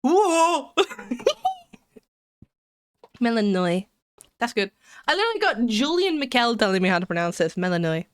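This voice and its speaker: A woman's voice: on the high side, big pitch swings, moderate pace, pauses often. A woman streamer chatting casually to her viewers, rambling and giggly, while sick with a cold. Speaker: live streamer. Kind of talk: casual live-stream chat.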